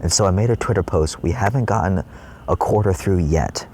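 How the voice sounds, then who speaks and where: A man's voice: deep voice, a little fast, warm tone, slight background noise. A man giving a rambling spiritual monologue in his trailer, swearing often and acting out his own past cries. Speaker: spiritual vlogger.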